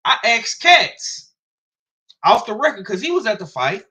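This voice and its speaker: A man with a Southern US accent talks boxing in loose, profane slang. His voice is bright and lively, rising and falling freely as he makes his points. He sounds blunt and opinionated. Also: high-pitched, unhurried, husky. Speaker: boxing commentator. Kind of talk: casual sports commentary.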